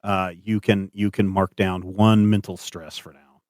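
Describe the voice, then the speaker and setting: A man narrating as game master of a tabletop game, animated and hesitant with many fillers. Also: lowish voice, measured pace, no echo, studio quality.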